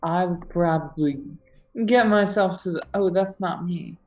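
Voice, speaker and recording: A woman's voice: lowish voice, measured pace, darkish tone. Scatterbrained giggly woman player. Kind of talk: casual tabletop game chat.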